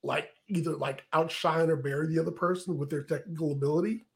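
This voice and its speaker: A man co-hosting a casual podcast chat, halting and searching for words with many fillers. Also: on the high side, steady tone, vocal fry, husky. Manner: halting, lots of fillers and restarts. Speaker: podcast co-host.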